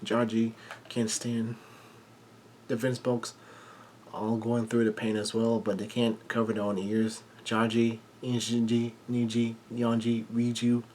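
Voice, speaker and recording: A man casually recapping a manga chapter, halting often with fillers and restarts, and blunt enough to swear when something surprises him. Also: mid-range voice, completely flat delivery, darkish tone, slight background noise.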